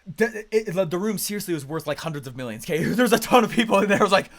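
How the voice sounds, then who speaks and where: High-voiced, punchy male coach. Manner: energetic and emphatic, with loud bursts; quick, conversational storytelling with restarts. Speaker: business coach. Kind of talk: motivational coaching talk.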